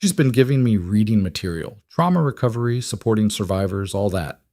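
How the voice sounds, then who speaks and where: Patient, protective man, played by the narrator, low, calm, reassuring. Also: a little fast, no room sound, studio quality, natural voice.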